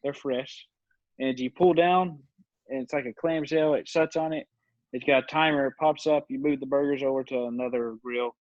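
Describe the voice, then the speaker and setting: A man's voice: mid-range voice, fairly even intonation, normal speed, a little mellow, no room sound. Twenty-something guy rambling thru stories, laughs a lot, dull dry lo-fi sound. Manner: rambling, laughs often, lots of fillers. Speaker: podcast guest. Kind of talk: casual storytelling chat.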